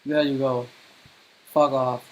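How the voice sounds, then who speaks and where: A man's voice: medium pitch, level tone, slow, rough recording. A man streaming a strategy game live, commenting as he plays, swearing often in frustrated outbursts, with non-native English grammar. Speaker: gaming streamer.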